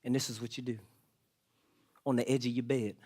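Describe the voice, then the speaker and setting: A man's voice: mid-range voice, little pitch movement, brisk, a little mellow. A man preaching a sermon in church as pastor, explaining scripture and acting out people's worried prayers.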